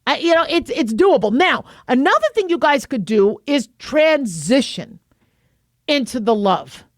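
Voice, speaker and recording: A woman's voice: sits high, very animated, measured pace, no echo, clean studio sound. A middle-aged woman hosting a radio advice show, talking casually and playfully with many restarts. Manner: chatty, playful, frequent restarts.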